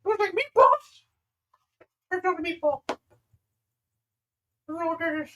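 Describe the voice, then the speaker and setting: A man voicing an overexcited friend at a party, gushing and shrill. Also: unhurried, pushed and bright, far from the mic, a little hiss or hum, heavily acted. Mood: giddy. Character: overexcited party friend waving guests over.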